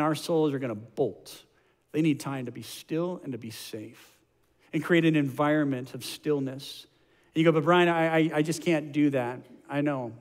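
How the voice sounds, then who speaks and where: A man's voice: on the high side, darkish tone. A middle-aged man preaching a conversational, self-deprecating sermon as pastor, often stumbling over and repeating words as he starts sentences. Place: large church auditorium. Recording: long hall reverb.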